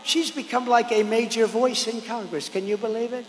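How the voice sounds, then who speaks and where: A man's voice: fairly even intonation, moderate pace, slight background noise. Older man speaking at an echoey rally. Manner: rambling, repetitive, swings between loud declarations and low asides. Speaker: political candidate at a rally. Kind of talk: campaign rally speech. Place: large outdoor or arena rally. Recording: echoey hall with long reverb.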